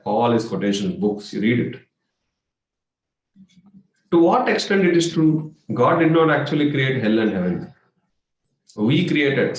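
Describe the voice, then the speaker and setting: A man with an Indian accent leads a spiritual workshop as a meditation coach, speaking in an animated, playful way with sudden exclamations and mimicry. His voice is mid-range, the audio is dull, and the room is echoey.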